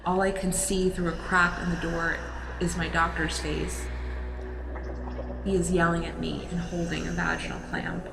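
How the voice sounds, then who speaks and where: A woman giving a slow, solemn scripted voice-over narration for a documentary. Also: fairly low pitch, level tone, vocal fry. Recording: voice-over with music behind.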